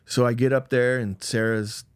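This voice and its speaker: A middle-aged man talks as a podcast guest, telling a personal story in loose, rambling conversation. His voice sits at an ordinary middle pitch. The sound is dry and close, with no room around it. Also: flat delivery, normal speed, clear, resonant tone, no room sound. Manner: rambling, emotional, peppered with "like".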